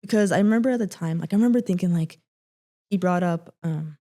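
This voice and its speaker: A young woman sharing a painful personal story, halting with many fillers and restarts, often dropping to a quiet voice. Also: on the low side. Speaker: guest.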